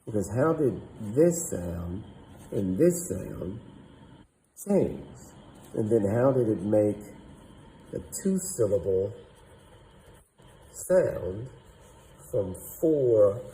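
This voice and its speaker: A man with a slow, dark, lowish voice explains something at a whiteboard, sounding out syllables deliberately. He thinks aloud and doubts himself, and the rough recording carries a little hiss or hum.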